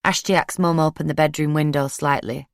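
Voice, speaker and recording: Brief: woman, low voice, steady first-person audiobook read, dry close mic. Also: moderate pace, dry recording. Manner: steady, plain-spoken storytelling. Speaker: audiobook narrator. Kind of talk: first-person true crime audiobook narration.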